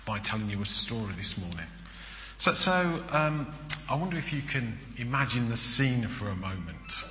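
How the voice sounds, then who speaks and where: A man preaching as a guest, telling stories in a chatty way, often pausing with "uh" and repeating words. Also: mid-range voice, pushed and bright, a little hiss or hum. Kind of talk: sermon. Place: church. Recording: echoey church hall, long reverb.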